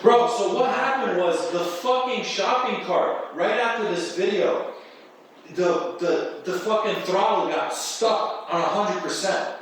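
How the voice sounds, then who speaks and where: Man, podcast guest, profane animated storyteller, fairly high voice, roomy echo, mic off at a distance. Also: a little slow. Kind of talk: casual storytelling chat. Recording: echoey room, distant mic, faint noise.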